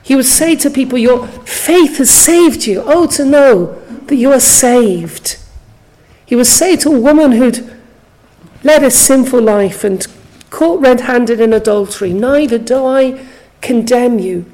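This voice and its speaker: A woman preaching a sermon in a slow, earnest way, often putting questions straight to her listeners. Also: a little high, mellow, poor audio.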